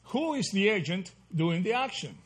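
Husky man leading a Bible study. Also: sits high, sing-song, moderate pace. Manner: asks the group questions, repeats "right?" often. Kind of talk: interactive Bible study teaching.

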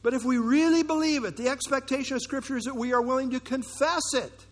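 A man pastor preaching a sermon in church, earnest and emphatic, slowing down to stress key phrases. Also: very high-pitched, steady tone.

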